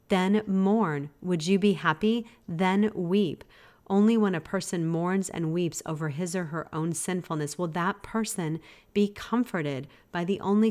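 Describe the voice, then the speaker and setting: A woman with a notably low voice hosts a devotional podcast. She teaches in an earnest, gently exhorting manner, speaking close to the microphone. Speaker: podcast host.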